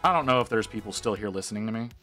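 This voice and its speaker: Man, streamer, casual storytelling, animated, wry, bright tone, faint background music. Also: lowish voice, rapid-fire. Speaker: miniature painting streamer. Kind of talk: casual storytelling while painting.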